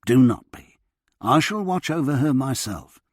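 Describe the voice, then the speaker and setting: A man voicing a kind older retired surgeon who talks in a gentle, coaxing way. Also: medium pitch, animated, measured pace, no room sound, clean studio sound, voice pushed up. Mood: kindly. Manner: kindly, coaxing.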